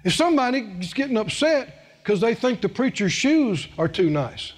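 A man's voice: very high-pitched, big pitch swings, normal speed. A middle-aged man preaching a sermon in a folksy, emphatic way, repeating phrases for stress.

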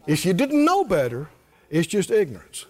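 A man preaching a sermon, drawing answers from the congregation and building to shouted lines. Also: sits high, wildly swooping pitch, moderate pace. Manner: preaching with call-and-response, rising to shouts. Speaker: pastor.

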